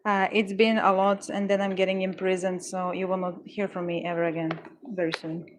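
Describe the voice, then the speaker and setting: A woman chats to her livestream viewers while she works, rambling along with playful deadpan jokes. Her voice is mid-pitched for a woman. A faint hiss sits under the recording. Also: a little fast. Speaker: livestream artist. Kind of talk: casual livestream chat reading comments.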